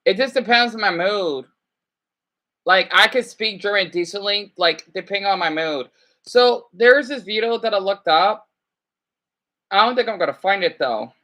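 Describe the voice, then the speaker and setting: Woman streamer, casual chat, talks in restarts and exclamations, bright edge to the tone. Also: medium pitch, moderate pace. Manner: chatty, self-correcting, full of exclamations. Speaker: livestreamer.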